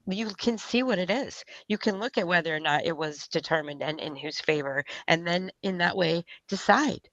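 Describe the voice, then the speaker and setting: Woman radio co-host, lowish voice, dull dry sound, stops and restarts a lot. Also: fairly bright tone, no room sound. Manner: halting, restarts while explaining. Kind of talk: talk radio discussion.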